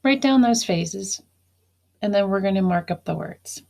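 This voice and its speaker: A woman teacher speaks to students in a recorded phonics lesson, with a voice of ordinary pitch. She dictates phrases slowly and deliberately, then walks through how to mark each syllable. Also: gravelly, darkish tone.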